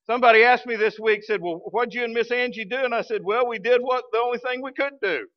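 A man, a pastor telling a story in a sermon, folksy and animated. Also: extremely high pitch, fast talker, no echo, highs cut off. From Arkansas, US. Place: church sanctuary.

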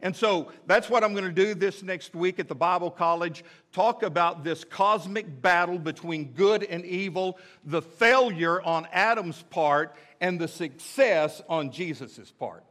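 A man delivers a sermon from the pulpit, his voice sitting a touch higher than most men's. He talks in an easygoing, conversational way, dropping joking asides and checking in with the congregation. The sound is a church sermon with a chatty, personal feel. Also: a little slow, hardly any pauses, fairly bright tone. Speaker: pastor. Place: church sanctuary.

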